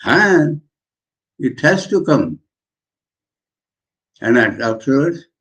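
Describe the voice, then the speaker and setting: A man, a monk giving a measured scripture commentary lecture, pausing between phrases. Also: medium pitch, sing-song, a bit bright. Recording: dull lo-fi lecture recording.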